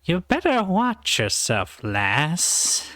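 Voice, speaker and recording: A game master voicing a sly, menacing witch who runs a shop, speaking slowly and teasingly in a tabletop game. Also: mid-range voice, wildly swooping pitch, bright, forceful tone, no echo, clean studio sound, faint music behind, pitched above the performer's own voice, full character voice. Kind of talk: tabletop role-play voicing.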